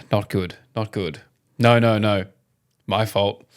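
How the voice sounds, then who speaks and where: A young Australian man co-hosting a podcast, telling a story in an animated, casual way, swearing freely and laughing often. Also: on the low side, slow pace, clear, resonant tone. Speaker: podcast co-host. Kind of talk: casual chat.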